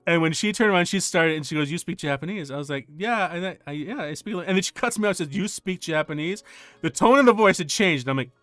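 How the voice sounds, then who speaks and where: Animated male streamer telling a story. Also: high voice, quick pace, hardly any pauses, no room sound, soft background music. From United States. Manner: animated, laughs often, acts out quoted voices. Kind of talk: casual storytelling chat.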